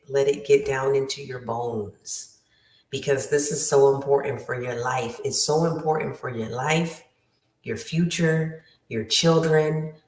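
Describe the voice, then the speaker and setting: A woman's voice: extremely low pitch, a little mellow. A woman writing coach giving an emphatic motivational lesson, repeating her key phrases. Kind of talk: motivational teaching talk. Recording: roomy, distant from the mic.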